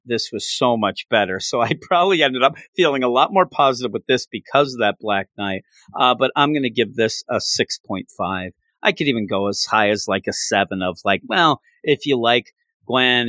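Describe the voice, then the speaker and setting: A man's voice: on the low side, fairly bright tone, dry recording. A man co-hosting a comic book podcast, chatting casually and acting out quoted lines in put-on voices. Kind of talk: casual review chat.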